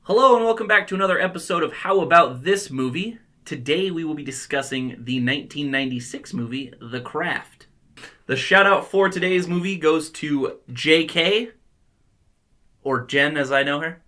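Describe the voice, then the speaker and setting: A podcast host opening a casual movie review chat, jokey and quick with asides. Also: mid-range voice, bright, forceful tone.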